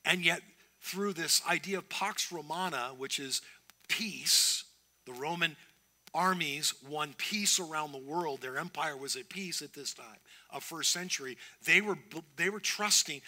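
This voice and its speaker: A man's voice: on the high side, a little slow, sharp tone. A man preaching a sermon as pastor, earnest and emphatic, often restarting his phrases.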